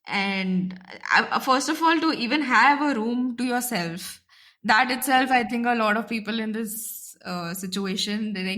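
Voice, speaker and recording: A woman's voice: fairly high pitch, measured pace, pushed and bright. A woman with an Indian English accent, hosting a casual panel discussion and talking with frequent hesitations. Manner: hesitant, many restarts and fillers. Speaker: podcast host.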